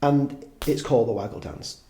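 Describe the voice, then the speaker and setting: A man's voice: medium pitch, normal speed, mellow, slight background noise. A man in his fifties, a podcast guest, chatting casually in a rambling way, swearing freely and making fun of himself. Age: 50s. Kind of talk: casual conversation.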